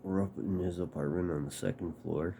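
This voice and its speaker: A man's voice: sits low, steady tone, fairly quick, warm tone, slight background noise. A man telling a personal story casually, swearing and acting out quotes.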